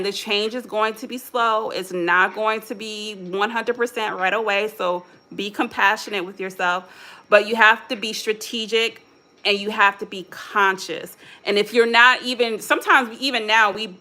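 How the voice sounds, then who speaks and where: A woman's voice: medium pitch, sharp tone. A woman with a mixed Philadelphia and Chicago American accent, hosting a live motivational talk in a casual, candid way and speaking straight to her viewers. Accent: American English, Philadelphia and Chicago mix. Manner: casual, candid, self-coaching with quoted self-talk. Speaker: motivational host.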